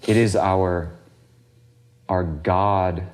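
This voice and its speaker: A man talking on a podcast in casual conversation, reflective and thinking out loud. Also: low voice, fairly even intonation, extremely slow.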